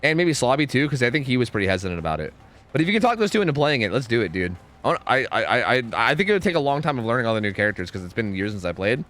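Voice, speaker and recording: A man's voice: mid-range voice, big pitch swings, very fast, fairly bright tone. A young man streaming a game, chatting casually and rambling through answers to chat, often stumbling and repeating words.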